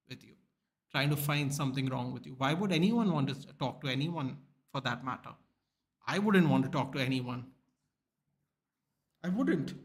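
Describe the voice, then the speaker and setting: A young man, talking bluntly and swearing often as he chats with viewers on a live stream. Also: a little high. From India. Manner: blunt and animated, swears often, calls people dude. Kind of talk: casual live-stream chat.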